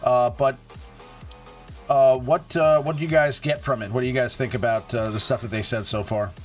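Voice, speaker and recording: A man's voice: mid-range voice, fairly even intonation, normal speed, soft background music. A man hosting a casual live stream about a mobile game, laid-back and chatty, full of "uh"s and easy laughs. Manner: laid-back, many fillers and self-amused laughs. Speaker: host.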